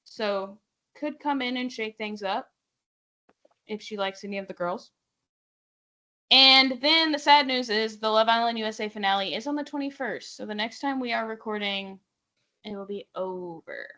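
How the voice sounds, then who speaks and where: A young woman co-hosts a pop-culture podcast, running through reality TV gossip in loose, chatty asides. She sits a touch higher than most women and sounds sharp and bright, dropping "like" everywhere and jumping into other people's voices. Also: moderate pace. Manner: chatty, animated, full of "like" and quoted voices. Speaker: podcast co-host. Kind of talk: casual chat recapping reality TV.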